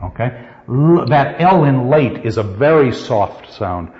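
An older man teaching a poetry class, reading verse aloud with slow, emphatic stress and putting questions to his students. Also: mid-range voice, very animated, a little mellow. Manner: asks the class questions and answers them. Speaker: literature teacher. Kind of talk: classroom lecture. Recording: dull, lo-fi sound with long hall reverb.

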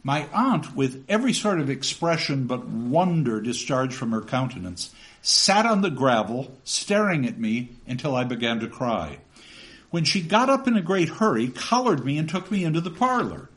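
A man's voice: medium pitch, very animated, moderate pace, fairly bright tone. A man lecturing on a novel and reading passages aloud, with chatty asides that end in "okay?".

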